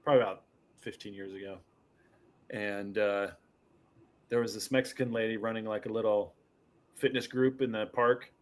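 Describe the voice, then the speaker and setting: A man co-hosting a casual chat show, telling stories with lively outbursts. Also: on the low side, normal speed, pauses often. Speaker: podcast co-host.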